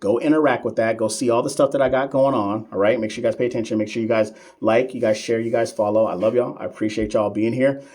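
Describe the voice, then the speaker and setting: A man's voice: mid-range voice, steady tone, fast, few pauses, a little mellow. A man talks straight to his camera during a casual live stream, answering viewer questions as an exam coach. He reads comments aloud, jokes with regulars and keeps a loose, friendly, chatty flow. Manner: teasing and familiar with regular viewers.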